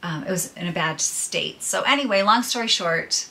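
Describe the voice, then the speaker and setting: A woman's voice: lowish voice, expressive, moderate pace, gravelly, sharp tone. A middle-aged woman vlogging to her viewers, telling her personal troubles in a candid, chatty way and laughing through them. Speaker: podcaster and vlogger. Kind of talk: casual personal storytelling to viewers.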